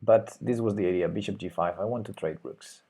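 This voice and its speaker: A man streaming live chess, thinking aloud about his moves and jumping up in pitch when something surprises him. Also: fairly quick, dark tone, slightly rough.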